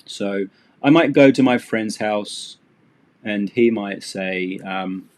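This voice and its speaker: A man's voice: on the low side, slow pace, a little mellow. A man teaching English on a live stream, chatty and rambling, with self-deprecating asides.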